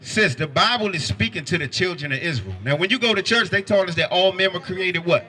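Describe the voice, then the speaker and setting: A man's voice: sits high, brisk. A man preaching on a city street, firing pointed questions at passersby. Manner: forceful, quizzes listeners with pointed questions.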